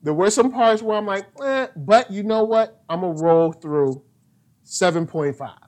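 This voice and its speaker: A man's voice: high voice, expressive, unhurried, darkish tone. A man hosting a casual movie review chat, laid-back and slangy, joking with his co-hosts.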